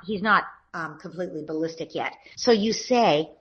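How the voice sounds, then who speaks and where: A woman giving parenting advice in a podcast conversation, acting out gentle things a parent would say. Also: fairly low pitch, normal speed, breathy edge, highs cut off. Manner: acts out gentle parent lines in a lilting voice. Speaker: parenting expert guest.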